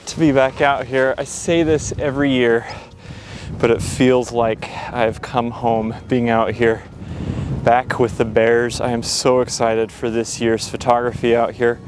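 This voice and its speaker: Out on windy tundra, a man vlogs to camera as a wildlife photographer, speaking with a medium-pitched, steady voice at a slightly slow pace. He's enthusiastic and rambling, a bit out of breath, and uses lots of fillers.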